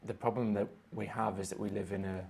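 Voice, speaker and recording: A man speaking as a guest musician on a podcast, thoughtful and measured in casual conversation. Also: fairly low pitch, little pitch movement, a little mellow, slightly rough.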